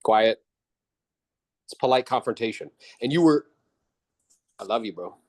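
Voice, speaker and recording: A man's voice: mid-range voice, lively intonation, a little slow, a little mellow. A man coaching a real estate agent after a role-play, blunt and casual, calling him bro. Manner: briefly mimics others in exaggerated voices.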